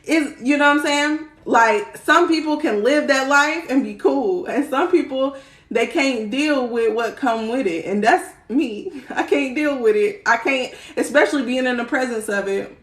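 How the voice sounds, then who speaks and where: Unhurried and fairly bright, her high-sitting voice carries through a roomy echo as this young spiritual livestream host chats casually indoors. She laughs often, uses slang and swears freely.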